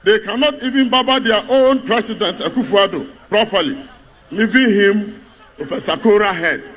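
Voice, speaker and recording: A man's voice: high voice, moderate pace, a bit bright. A man with a Ghanaian accent delivering a mocking political speech to a party congress, building up rhetorical refrains. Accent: Ghanaian English.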